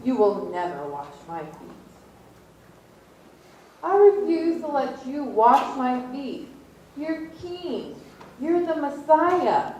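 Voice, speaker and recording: A man's voice: big pitch swings, takes it slowly, pauses often, a little mellow, a little hiss or hum, heavily acted. A woman voicing an indignant male disciple who refuses to let his master wash his feet, protesting in a raised voice. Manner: protesting, high-pitched insistence. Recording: echoey room, distant mic.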